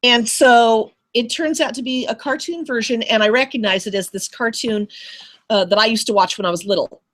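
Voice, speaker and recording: Animated woman telling a classroom story. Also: fairly high pitch, moderate pace. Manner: animated storyteller, acts out voices. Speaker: teacher and show host. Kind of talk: casual online chat, telling a story. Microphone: video call.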